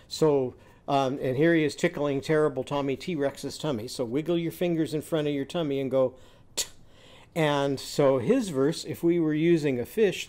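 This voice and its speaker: A man's voice: fairly high pitch, moderate pace, darkish tone. A middle-aged man teaching phonics, demonstrating hand gestures and chanting playful animal sounds in a sing-song way. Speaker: literacy teacher.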